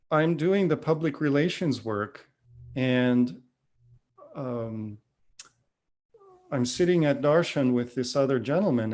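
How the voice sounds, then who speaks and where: A man's voice: medium pitch, a little mellow. A man in his fifties giving a spiritual testimony talk, telling his story earnestly with restarts and acted-out dialogue. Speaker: devotional speaker.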